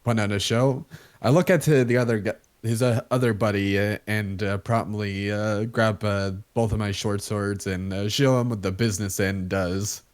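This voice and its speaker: A man with a lowish voice plays a tabletop game. He describes his character's actions hesitantly, stumbling over fillers. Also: steady tone, moderate pace. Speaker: player. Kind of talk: tabletop game play, casual.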